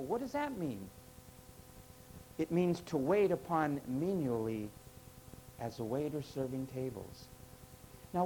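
A man's voice: sits high, darkish tone, slight background noise, low-quality recording. A man preaching a sermon to a congregation, emphatic and full of rhetorical questions. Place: church with parking lot.

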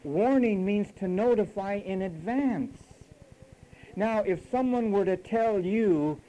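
Emphatic man preaching with hushed asides. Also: sits high, lively intonation, slow, low-quality recording. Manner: emphatic, teasing, swings between loud and hushed. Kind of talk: sermon.

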